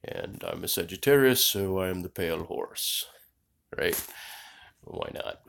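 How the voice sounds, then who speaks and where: A man's voice: deep voice, animated, a little slow, creaky, fairly bright tone. A man telling a rambling travel story as a vlogger, digressive and profane, often losing his train of thought. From United States.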